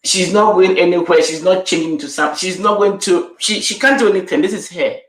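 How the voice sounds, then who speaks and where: A woman's voice: fairly low pitch, a little fast, roomy sound. A middle-aged woman speaking as an interview guest in an emphatic, repetitive, affirming way. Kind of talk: interview conversation.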